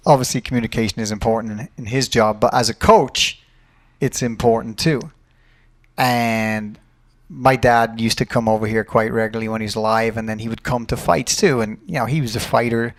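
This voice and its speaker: A man with a gravelly, creaky voice tells a fight story in a loose, casual way. He swears freely and gets animated as he talks. His pitch sits in a middle range. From Ireland. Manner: animated, profane anecdote telling. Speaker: podcast host and fight coach.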